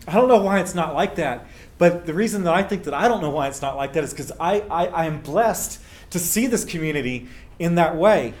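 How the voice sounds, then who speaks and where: A man delivering a welcome speech, earnest and emphatic, with a slightly higher voice than most men. He slows down to land his key lines. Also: expressive. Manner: earnest, emphatic, slowing for effect. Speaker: welcome speaker. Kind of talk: public storytelling speech.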